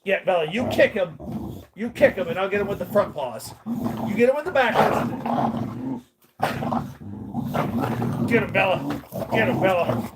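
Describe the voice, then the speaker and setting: A man voicing an excitable female pet dog who bossily cheers on a play fight. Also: high voice, measured pace, long pauses. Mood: rallying. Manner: bossy, playful cheering. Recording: loud background noise.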